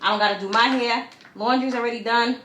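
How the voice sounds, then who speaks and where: This vlogger's voice is fairly high, steady in tone, fast, and pushed and bright. She talks to her camera while assembling furniture in an echoey home room with faint noise, exasperated, chatty, and calling viewers "y'all."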